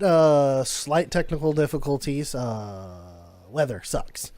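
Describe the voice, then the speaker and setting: A man narrating as game master of a tabletop game, prompting the players in a relaxed way. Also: a little high, unhurried, soft background music.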